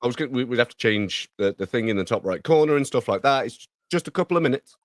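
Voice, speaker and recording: A man co-hosting a podcast pre-show, talking through software settings with lots of ums and easy laughter. His voice is mid-pitched and sits close and dry on the mic. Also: animated, fast, no echo. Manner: laughs easily, explains tech with many ums. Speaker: podcast co-host. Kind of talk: casual pre-show chat.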